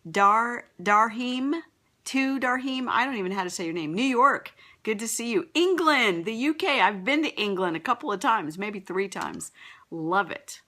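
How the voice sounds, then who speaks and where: A woman's voice: medium pitch, very animated, normal speed, sharp tone. A middle-aged woman with a Texan accent, a business coach chatting upbeat on a live broadcast and greeting viewers, stumbling over names.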